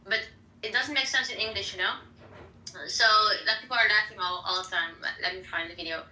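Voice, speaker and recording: A woman with a Dutch accent, whose first language was Tigrinya, talks in a casual group chat. She often stops to search for words, and her voice sounds very bright. The mic sits at a distance in a roomy space. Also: mid-range voice, steady tone, a little fast. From Netherlands.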